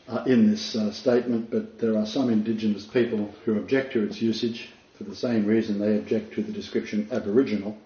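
A man giving a Bible lesson, reading quotes slowly and repeating key words for emphasis. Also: on the low side. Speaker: Bible teacher. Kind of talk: teaching talk, reading quotes aloud. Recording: roomy, slightly dull sound.

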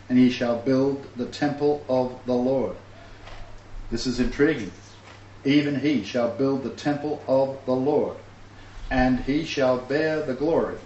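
A man preaches a sermon, reading scripture with fervent emphasis and tossing in scornful asides. His voice is medium in pitch with a darkish tone, captured in a roomy, distant, dull recording with faint ambience and slight background noise.

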